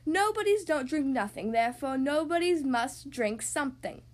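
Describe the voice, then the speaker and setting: An excitable wizard from a children's picture book, as a woman reads him aloud. He exclaims his lines in a high, lively voice. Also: a little fast, exaggerated voice. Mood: excited. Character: excitable old male storybook wizard.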